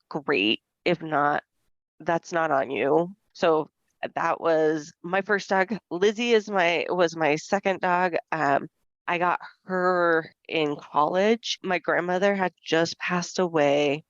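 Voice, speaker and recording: A woman in her forties co-hosting a podcast, telling stories in a casual, lively way and acting out the voices of the people she quotes. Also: on the low side, slow, no echo. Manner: lively storyteller who acts out quoted voices. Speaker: podcast co-host. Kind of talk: casual chat. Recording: dull, dry lo-fi podcast audio.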